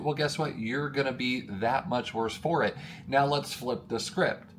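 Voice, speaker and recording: An emphatic male coach with a mid-pitched voice, speaking straight to camera with rising energy. He addresses his audience as friends and pushes each point hard. A faint hiss of noise sits under the recording. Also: measured pace. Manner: energetic, emphatic, gets worked up. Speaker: motivational coach. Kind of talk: motivational talk to camera.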